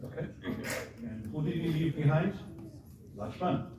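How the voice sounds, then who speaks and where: Male lecturer, chatty storytelling style, heard from far off in a booming room with background noise. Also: expressive, a little slow. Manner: conversational, keeps checking with the audience. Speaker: visiting lecturer. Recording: echoey hall, far from the mic, audible noise.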